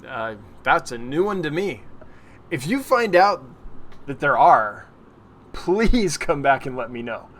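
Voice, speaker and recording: A man's voice: fairly high pitch, big pitch swings, slow pace, a bit bright. A man hosting a weekly livestream, chatting casually as he answers viewer questions and laughs at his own slips. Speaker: livestream host.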